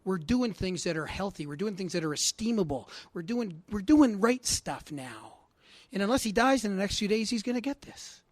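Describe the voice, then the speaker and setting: A man from Canada speaking at a recovery assembly, telling a heartfelt personal story that drops to hushed tones and rises to loud emphasis. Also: sits high, sing-song, normal speed, no echo. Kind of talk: personal testimony talk. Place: assembly hall.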